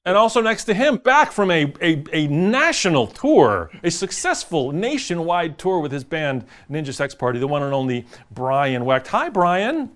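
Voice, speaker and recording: A man's voice: fairly high pitch, very animated, normal speed, few pauses, fairly bright tone. A man hosting a quiz show over a video call, cracking puns and bantering with contestants. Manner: jokey, punning banter with contestants.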